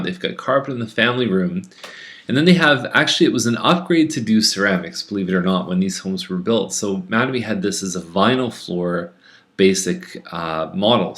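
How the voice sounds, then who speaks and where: A man who is a real estate agent, chatting casually through a rundown of home listings, with fillers and restarts. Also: fairly low pitch. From Canada.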